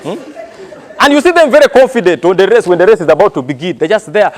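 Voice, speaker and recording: A man's voice: high voice, fast, some chatter behind. A Ugandan-accented man performing live stand-up, telling stories animatedly and acting out characters. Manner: animated storytelling, acting out voices. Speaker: stand-up comedian. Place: theatre stage, live. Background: audience laughter.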